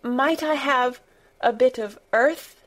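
A woman voicing an anxious, eager little girl who speaks in a halting, tremulous way. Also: fairly high pitch, animated, voice pushed up. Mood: pleading.

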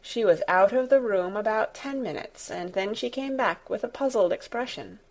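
A woman narrating an audiobook in a measured storytelling manner. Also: medium pitch, animated, a little mellow. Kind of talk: scripted narration.

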